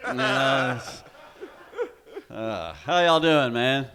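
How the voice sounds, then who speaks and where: Texan guy doing standup, swears a lot, cracks himself up, mid pitch. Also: sing-song, drawn-out words, bright, forceful tone. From West Texas. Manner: loose, profane, laughs at his own jokes. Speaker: stand-up comedian. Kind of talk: stand-up comedy set. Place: comedy club stage.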